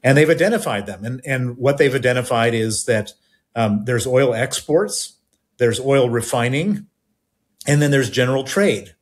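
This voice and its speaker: A man giving a radio interview as a guest who talks in halting bursts with many restarts and repeated words. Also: medium pitch, expressive.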